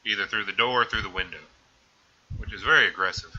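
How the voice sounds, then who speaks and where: A man co-hosting a podcast, chiming in with dry, quick corrections during a casual film recap. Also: lowish voice, sharp tone, lo-fi sound. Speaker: podcast co-host.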